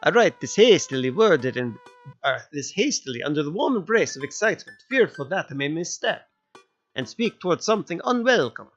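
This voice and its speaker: A man voicing a formal, old-fashioned gothic gentleman with a flowery, overly formal manner. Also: a little high, very animated, fairly quick, muffled recording, faint music behind. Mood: earnest.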